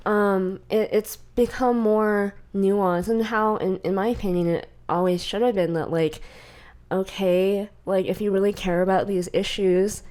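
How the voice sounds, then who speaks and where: A woman's voice: mid-range voice, steady tone, measured pace, a little mellow. A young woman co-hosting a podcast in casual chat, rambling with frequent laughs and acting out quoted exchanges. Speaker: podcast co-host.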